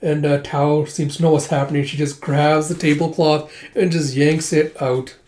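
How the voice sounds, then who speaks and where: A man's voice: a little high, little pitch movement, normal speed, darkish tone. A man reading through a comic casually, retelling the dialogue with "it's like" and an occasional chuckle. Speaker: manga reader. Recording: echoey room.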